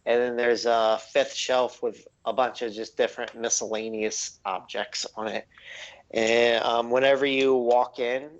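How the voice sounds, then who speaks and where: A man narrating a tabletop game as game master, halting and full of ums and likes. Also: medium pitch, level tone, highs cut off.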